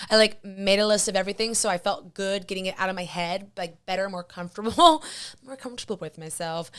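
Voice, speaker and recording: Smooth-voiced young woman rambling candidly. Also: medium pitch. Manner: rambling, candid, swears casually. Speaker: podcast host. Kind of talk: casual solo podcast monologue.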